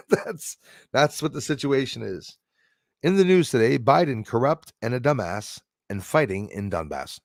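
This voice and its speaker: A man chatting on his livestream in a rambling, opinionated way. His voice has a gravelly edge and sits at a middle pitch. The sound is dry and close, with no room around it. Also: no room sound. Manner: rambling, opinionated, laughs at his own jokes. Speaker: livestream host. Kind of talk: casual livestream chat reading viewer comments.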